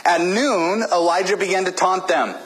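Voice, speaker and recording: A man's voice: sits high, fairly even intonation, moderate pace, a bit bright, rough recording. A man preaching a sermon as a pastor, emphatic and exhorting, with casual joking asides.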